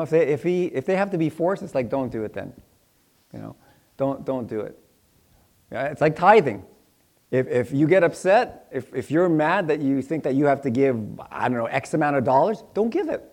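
A man's voice: on the high side, darkish tone. A middle-aged man, a pastor, teaching through a Bible passage in a chatty, joking way, often acting out little dialogues in other voices. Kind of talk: conversational Bible teaching sermon.

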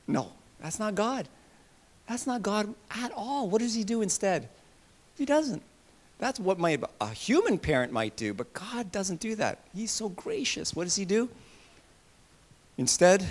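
Animated preaching man with lively swings. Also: high-pitched, measured pace, long pauses. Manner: animated preaching, swings between loud bursts and soft asides. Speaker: pastor. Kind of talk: sermon.

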